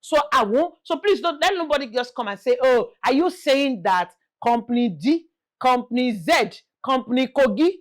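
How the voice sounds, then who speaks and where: Animated Nigerian woman with a lively voice. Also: high voice, normal speed. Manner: animated, pleading, mixes in Yoruba phrases. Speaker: real estate vlogger host. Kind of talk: casual chat to camera.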